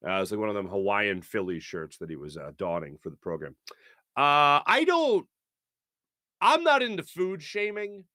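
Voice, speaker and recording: Male show host, casual and playful, lively pitch, dry studio sound. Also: normal speed, no echo. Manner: playful, animated, laughs often. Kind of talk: casual sports talk show chat.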